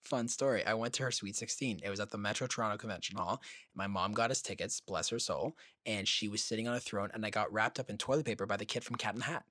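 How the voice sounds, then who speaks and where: A young man co-hosting a casual chat, telling animated stories with swearing and acted-out quotes. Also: lowish voice, fast, no room sound, studio quality. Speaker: podcast co-host.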